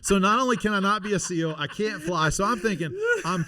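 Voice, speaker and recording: A middle-aged man telling stories in a casual interview, animated and laughing, with many restarts. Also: sits high, a little fast. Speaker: podcast guest, former Navy SEAL.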